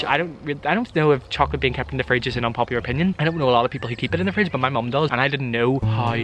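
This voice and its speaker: A man's voice: medium pitch, racing, few pauses. A young man talking in a casual vlog, giving playful, exaggerated rants full of jokes. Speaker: vlogger. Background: background music.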